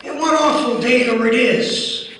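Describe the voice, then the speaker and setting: A man putting on a sardonic older stand-up comedian, ranting in rhythmic build-ups. The voice sits very high and carries a lot of hall echo, heard from well back from the mic. A faint hum of the room lies underneath. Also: measured pace, a bit bright. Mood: wry. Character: older male stand-up comic, wry and ranting. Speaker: comedian doing an impression at a conference. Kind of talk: stand-up impression. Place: conference hall. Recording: echoey hall, heard from far off.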